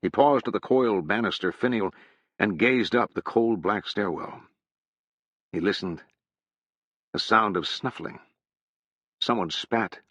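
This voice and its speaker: A man narrating a literary novel in an even, measured reading. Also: on the low side, breathy edge, dry recording. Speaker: audiobook narrator. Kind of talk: scripted narration. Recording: dull, dry sound.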